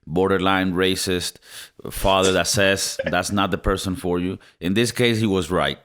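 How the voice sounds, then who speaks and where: A man's voice: sits low, steady tone, normal speed, fairly bright tone. Man co-host on a movie review podcast, loose and jokey delivery. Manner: jokey, laughs often, puts on mocking voices. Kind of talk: casual movie review chat.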